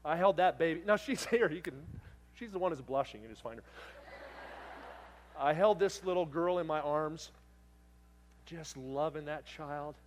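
A middle-aged man preaching a sermon, telling a story with acted-out voices that swing from loud bursts to hushed, tender moments. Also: a little high, moderate pace, long pauses, a little hiss or hum.

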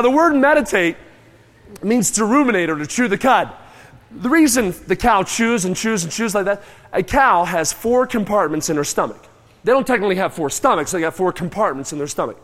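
A man with a high, bright pitch preaches a lively sermon, mooing and chewing aloud for effect and calling on his listeners to answer back. His voice rings out with a long reverb, as from a church sanctuary. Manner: animated, moos and chews aloud, calls on the crowd.

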